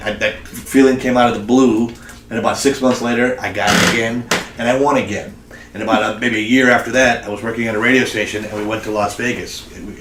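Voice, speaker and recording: A man co-hosting a podcast, telling a long, rambling story with animation. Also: fairly low pitch. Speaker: podcast co-host. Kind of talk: casual chat, storytelling. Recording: echoey room with faint noise.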